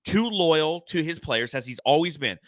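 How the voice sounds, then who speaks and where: A man's voice: fairly high pitch, lively intonation, moderate pace, fairly bright tone, no echo, studio quality. A man co-hosting a sports podcast, talking in casual, profane, blunt rants. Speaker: podcast co-host.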